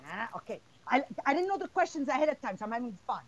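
A woman's voice: sits high, sing-song, quick pace, poor audio. A woman hosting a casual podcast, answering questions bluntly with lots of energy and laughter. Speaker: podcast host.

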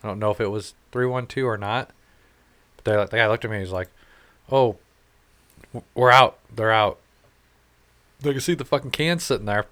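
A man's voice: medium pitch, fast, a bit bright. A man co-hosting a casual podcast, telling rambling, profane stories with laughs. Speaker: podcast co-host. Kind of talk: casual chat, storytelling.

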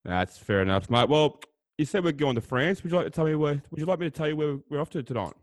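A man's voice: on the high side, expressive, fast, no echo. Chummy man co-hosting a podcast. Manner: chummy, teasing, says "mate" often. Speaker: podcast co-host. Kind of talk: casual banter, reading facts.

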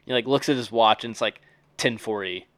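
A man's voice: mid-range voice, a little fast, fairly bright tone, dry recording. A man co-hosting a podcast, summarizing a film in a rambling way with many fillers. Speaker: podcast co-host. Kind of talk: casual podcast chat.

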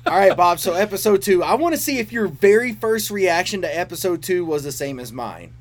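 Enthusiastic high-voiced podcast man. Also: lively intonation, brisk, slight background noise. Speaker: podcast co-host. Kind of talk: casual chat.

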